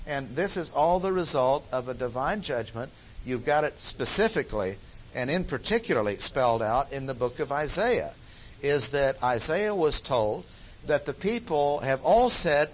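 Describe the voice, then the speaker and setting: A man's voice: medium pitch, animated, moderate pace, a little hiss or hum, rough recording. A man teaching a Bible study lecture in an emphatic way, repeating key phrases for stress.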